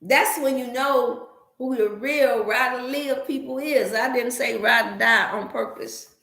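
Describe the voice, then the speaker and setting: A woman's voice: fairly high pitch, a little slow, vocal fry, a bit bright, roomy sound. A woman host telling a funny story in a casual livestream, laughing often and slipping into preachy asides. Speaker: wellness channel host.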